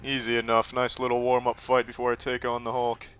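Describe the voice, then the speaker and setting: Deadpan, profane man playing a game. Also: mid-range voice, a little fast, faint music behind. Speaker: streamer. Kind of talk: gameplay commentary.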